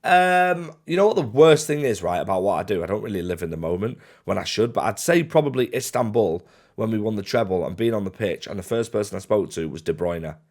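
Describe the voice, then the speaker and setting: A man's voice: fairly low pitch, animated, brisk, a little mellow. A young man, chatting casually as he answers fan questions in a laddish, slangy way. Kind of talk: casual Q&A to camera.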